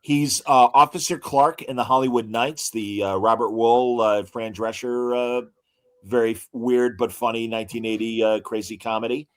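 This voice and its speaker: A man's voice: mid-range voice, steady tone, normal speed. A man co-hosting a podcast, chatting casually and reeling off trivia with many filler words. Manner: enthusiastic, trivia-heavy, lots of fillers. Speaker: podcast co-host. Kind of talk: casual chat.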